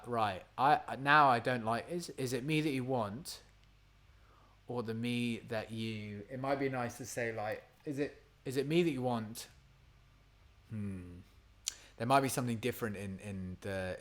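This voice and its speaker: Streaming his songwriting, this singer-songwriter talks casually, thinks out loud, lets sentences trail off, and murmurs lines to himself. His voice is on the low side and fairly bright, and he speaks a little slowly.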